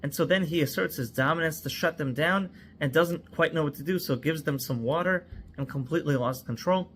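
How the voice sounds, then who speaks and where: A man's voice: a little high, brisk, fairly bright tone, a little hiss or hum. Earnest man telling a cautionary story. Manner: earnest, stacks words in lists. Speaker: psychological first aid trainer.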